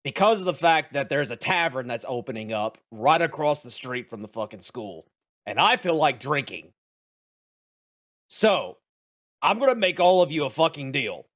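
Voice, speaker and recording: A man voicing a foul-mouthed, impatient male paladin teacher who yells and curses at his students. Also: medium pitch, big pitch swings, moderate pace, pitched above the performer's own voice. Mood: gruff impatient. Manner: yelling, cursing, surly. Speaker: game master.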